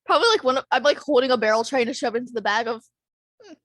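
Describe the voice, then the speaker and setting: A woman playing a tabletop game who throws in quick, sarcastic quips. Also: fairly high pitch, fairly bright tone, dry recording. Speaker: player. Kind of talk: casual tabletop play.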